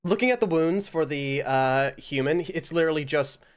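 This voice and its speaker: A man's voice: fairly high pitch, expressive, moderate pace, clear, resonant tone. A man narrating a tabletop game as game master, casual and loose, with plenty of fillers.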